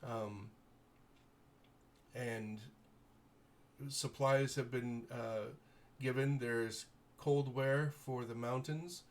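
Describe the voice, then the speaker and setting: A man's voice: medium pitch, steady tone, very slow. Man acting as a stately, grateful baron. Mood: grateful, formal. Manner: formal, stately court speech. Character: gracious noble male baron addressing heroes.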